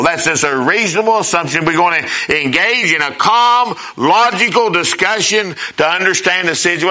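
A male pastor delivers an emphatic sermon, swinging up and down as he repeats his points. His voice sits a little high and sounds very bright and ringing. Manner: emphatic preaching, rising and falling with repeated phrases.

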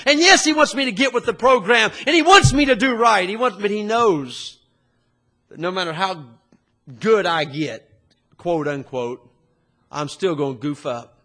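A preacher giving a folksy, storytelling sermon that rises to fiery shouting. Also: male voice, extremely high pitch, expressive, moderate pace.

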